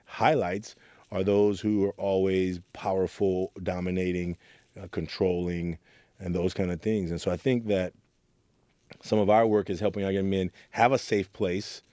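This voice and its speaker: Low, mellow-voiced man telling his story. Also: steady tone, normal speed, dry recording. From Oakland, California. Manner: earnest storyteller, acts out quotes with rising voice. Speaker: guest, youth mentor. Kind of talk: reflective interview talk.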